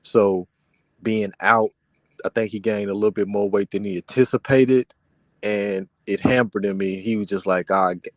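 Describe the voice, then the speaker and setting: A man's voice: on the low side, fairly even intonation, normal speed, no echo. A man in a casual basketball chat, laid-back and slangy, calling people bro.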